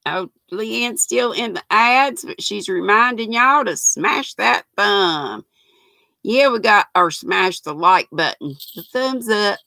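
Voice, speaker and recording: A woman's voice: mid-range voice, animated, slow, gravelly, bright, forceful tone, dry recording, rough recording. An older woman, hosting a knitting livestream, chatting folksily and greeting viewers by name. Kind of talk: casual live chat reading comments.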